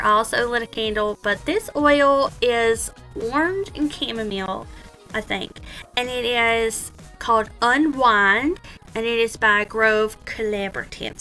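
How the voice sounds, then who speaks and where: A chatty, giggly woman talks casually over her clip. Her voice is bright and a little high. Faint background music plays under her. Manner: chatty, giggly, self-mocking. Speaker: vlogger.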